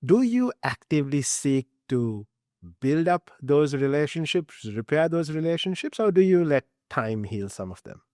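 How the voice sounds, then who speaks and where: A man hosting a podcast, asking long, measured questions. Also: a little high, big pitch swings, dark tone, no echo, clean studio sound. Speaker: podcast host. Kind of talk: interview questions.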